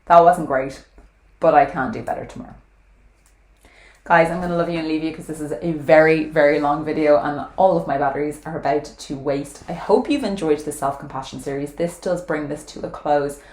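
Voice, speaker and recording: Low-voiced woman vlogger, earnest. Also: steady tone, brisk, hardly any pauses, a little mellow. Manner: earnest, frank, swears casually. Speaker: weight loss vlogger. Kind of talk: casual talk to camera. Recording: echoey room.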